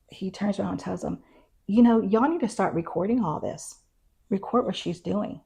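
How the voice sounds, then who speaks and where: A county constable recounts her story firsthand during an interview, performing the back-and-forth of the exchanges and filling gaps with "you know" and "um." She has a lowish voice with vocal fry and a breathy edge.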